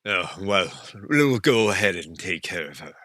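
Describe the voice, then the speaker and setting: A man voicing a gruff male town guard in a tabletop role-play, curt and low-key. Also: sing-song, moderate pace, sharp tone, no room sound, studio quality, full character voice. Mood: dismissive.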